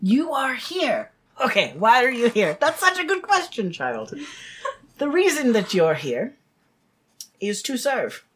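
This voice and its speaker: A woman's voice: fairly high pitch, wildly swooping pitch, a little slow, husky, full character voice. A woman voicing a pompous, fussy male doctor who talks down to others in a tabletop game. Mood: condescending. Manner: condescending, calls others dear boy and child. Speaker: game master voicing a character.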